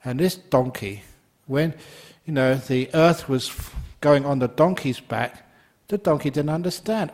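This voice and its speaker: A man's voice: fairly high pitch, normal speed, darkish tone. Playful man giving a dharma talk. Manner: playful, laughs at his own jokes. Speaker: Buddhist monk teacher.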